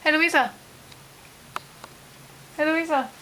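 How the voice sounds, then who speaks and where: A woman talking to a toddler in a home video, her voice pitched very high in coaxing sing-song baby talk. The camcorder recording is plain and home-made, with clear background noise around her. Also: slow, sharp tone, poor audio. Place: family home indoors.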